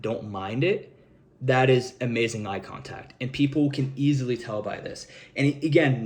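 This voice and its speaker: A man's voice: mid-range voice, darkish tone. Young man giving casual, rambling advice. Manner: loose and rambling, heavy on fillers, casual swearing. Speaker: self-improvement vlogger.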